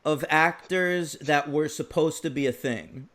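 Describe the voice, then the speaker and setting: A man's voice: fairly high pitch, measured pace, fairly bright tone. A man co-hosting a film podcast in casual chat, with a dry, sarcastic delivery. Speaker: podcast co-host.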